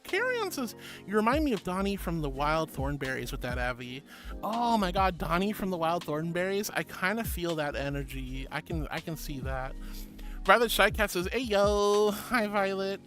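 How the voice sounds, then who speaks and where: A woman streamer chatting casually and reading out viewer messages. She is affectionate and bubbly, calls everyone honey and sweetheart, and gasps with delight. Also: fairly bright tone. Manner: bubbly, with big gasps and swoops in pitch. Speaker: VTuber streamer.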